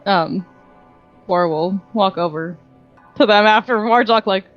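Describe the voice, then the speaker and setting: A woman's voice: mid-range voice, a little slow, faint music behind. A woman player casually describing her character's actions, with some giggles. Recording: dull lo-fi sound.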